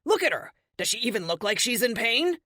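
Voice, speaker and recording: A gruff, commanding middle-aged cop, as a woman reads him aloud, barking orders in an audiobook with a lively, swinging delivery. The sound is close and dry. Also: on the low side, brisk, no room sound. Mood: angry. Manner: stern, commanding. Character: gruff middle-aged male police officer.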